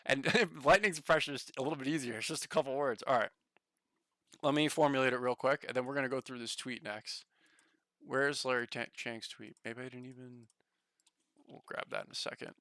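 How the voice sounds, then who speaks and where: A man casually chatting on a stock market livestream, excitable, swearing now and then and reading the chat aloud. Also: mid-range voice, brisk, no room sound.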